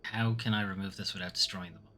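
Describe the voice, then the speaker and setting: A man's voice: low voice, steady tone, fast talker, bright, forceful tone, a little hiss or hum. A man streaming a game, chatting casually and muttering, often trailing off mid-thought. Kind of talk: casual gameplay commentary.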